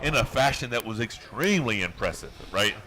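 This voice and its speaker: A man's voice: on the low side, brisk, background noise. A man hosting and commentating a live arm wrestling event, joking and hyping up the competitors. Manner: energetic, hype-driven, joking.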